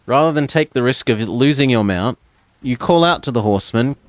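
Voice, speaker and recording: A man's voice: mid-range voice, expressive, fairly quick, no echo. Man reading a gamebook, dry close sound. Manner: second-person narration with stumbles and casual asides. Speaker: gamebook reader.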